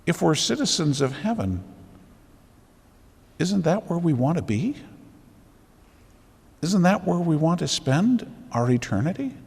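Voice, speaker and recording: A priest giving a homily with emphatic rhetorical questions, building to intense exhortation. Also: male voice, a little high, sing-song, a little slow, gravelly, pauses often, a little mellow, breathy edge, big-room sound. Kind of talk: sermon. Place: church.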